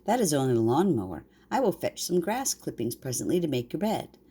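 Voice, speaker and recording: An older woman voicing a gentle, homesick male country mouse in a bedtime story, speaking softly and earnestly. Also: low-pitched, big pitch swings, a little fast, slightly rough, exaggerated voice. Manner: soft and earnest.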